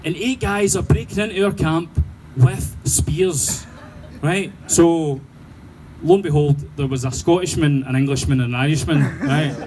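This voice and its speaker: A man with a Glaswegian accent doing sweary, animated stand-up storytelling and laughing through his punchlines. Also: on the high side, moderate pace, slight background noise, poor audio. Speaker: stand-up comedian.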